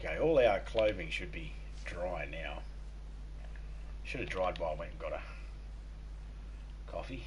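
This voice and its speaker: A man's voice: sits low, animated, unhurried, pauses often, a little hiss or hum, poor audio. Crude, joking man streaming. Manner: crude joking, playful, breaks into voices and laughter. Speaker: game streamer host. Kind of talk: casual live-stream chat.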